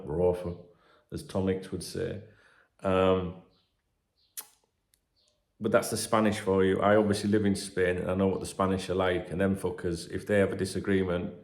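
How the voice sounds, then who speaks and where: A man's voice: low voice, vocal fry. A middle-aged man hosting a football channel, reading transfer gossip in a casual, chatty way with cheeky jokes and the odd swear word. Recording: roomy echoey room.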